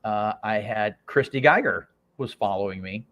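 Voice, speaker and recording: Excitable man telling a story. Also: lowish voice, moderate pace, lo-fi sound. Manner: excited, laughing, acts out quoted voices. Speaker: podcast guest. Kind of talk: animated anecdote storytelling.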